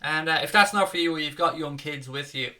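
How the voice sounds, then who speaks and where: On a fan channel's live match watchalong, a young Dublin co-host chats casually from his desk at home, reading out viewers' comments and swearing a lot. His Dublin Irish voice is on the high side, fairly quick and sharp, captured through a desk setup with a webcam.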